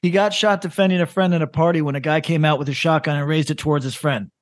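Chatty man with a fairly high voice. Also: fairly even intonation, fast talker, no echo. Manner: rambling, laughs while reading grim stories aloud. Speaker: podcast co-host. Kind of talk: casual podcast chat.

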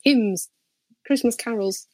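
A woman's voice: on the high side, slow, dry recording. A woman guesting on a podcast in casual chat, sarcastic and thoughtful, hesitating with plenty of ums.

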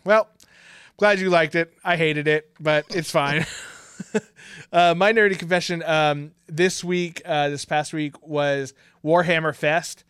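Rambling, slightly high-voiced podcast host. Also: male voice, fairly even intonation, a little slow, fairly bright tone, clean tone, dry recording, studio quality. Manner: rambling, filler-heavy, laughs often. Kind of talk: casual chat.

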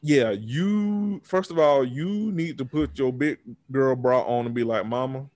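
A man's voice: medium pitch, animated, a little slow, a little mellow, dry recording. Casting note: male co-host with a mid-range voice, blunt and profane, on a dry close mic. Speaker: podcast co-host. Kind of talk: casual reality TV recap.

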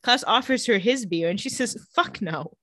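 A woman's voice: fairly high pitch, a bit bright, dry recording, clean studio sound. A woman co-hosting a podcast, casually recapping episodes and quoting characters as she goes. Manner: retells scenes quoting characters in quick voices. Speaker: podcast co-host recapping a show.

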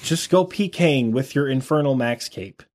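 A man's voice: mid-range voice, animated, normal speed, darkish tone. A man co-hosting a casual gaming podcast, rambling and self-deprecating, with lots of filler words. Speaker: podcast co-host.

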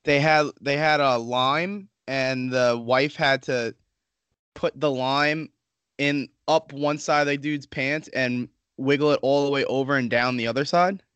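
A man's voice: mid-range voice, fairly even intonation, measured pace, a bit bright, clean tone, no echo. A man co-hosting a podcast, telling loose, profane stories in casual chat. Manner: crude, swearing, laid-back storyteller. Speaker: podcast co-host.

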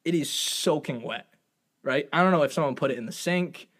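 A young man telling a funny story in casual chat, animated and profane, jumping into high voices when he quotes himself. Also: brisk. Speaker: storyteller guest.

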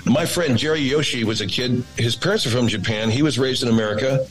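A radio and voice actor in a casual interview, talking in a rambling, animated way. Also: male voice, medium pitch, fast talker, breathy edge, poor audio.

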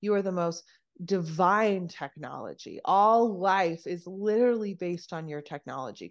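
A woman guest on a podcast explaining nervous system regulation in casual chat, animated and swearing freely as she acts out quoted voices. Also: mid-range voice, lo-fi sound.

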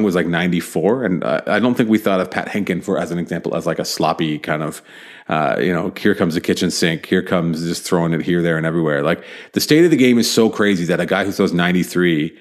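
Low-voiced man rambling sports chat. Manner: rambling, restarts, many fillers. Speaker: podcast host.

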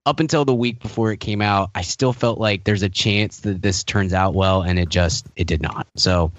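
A man's voice: deep voice, normal speed, no room sound. Wry, rambling podcast guy, lo-fi. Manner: wry, laughs often, rambling restarts. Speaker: podcast co-host. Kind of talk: casual chat.

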